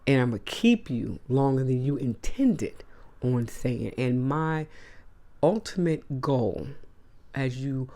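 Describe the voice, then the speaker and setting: A woman's voice: very deep voice, expressive, slow pace, dark tone. A woman hosting a casual monologue to camera, blunt and emphatic, with slangy asides. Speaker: host.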